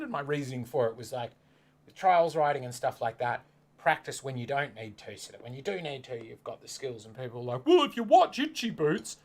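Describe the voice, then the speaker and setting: A young man co-hosting a casual livestream, animated, often mimicking other people's comments in mocking voices. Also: mid-range voice. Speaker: co-host of motorcycle channel.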